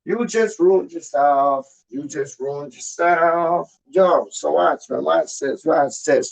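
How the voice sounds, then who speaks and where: A vlogger just out of the shower rambles late at night at home, slow-paced with vocal fry and few pauses in a fairly high voice. He keeps saying "dog" and "how you mean," addressing the viewer as "dog" and bursting into football chants, all on a low-quality recording.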